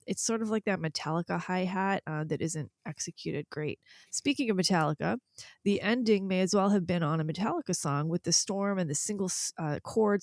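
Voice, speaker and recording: A woman co-hosting a music review podcast in casual chat, candid and quick to laugh. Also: mid-range voice, a little mellow, no room sound, clean studio sound. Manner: candid, laughs easily, blunt opinions. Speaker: podcast co-host reviewing albums.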